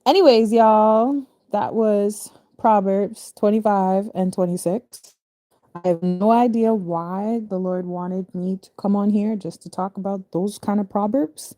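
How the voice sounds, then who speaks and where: A woman's voice: mid-range voice, steady tone, a little slow, dark tone, no echo, clean studio sound, soft background music. A woman casually reading scripture verses aloud and explaining them in loose, chatty asides, often restarting her phrases and laughing easily. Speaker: spiritual reader.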